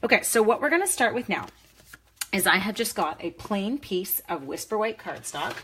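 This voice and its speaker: Bright-voiced chatty woman crafting. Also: medium pitch, lively intonation, moderate pace, slightly rough. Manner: chatty, talks to live viewers by name. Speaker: crafting demonstrator. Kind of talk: live card-making demo.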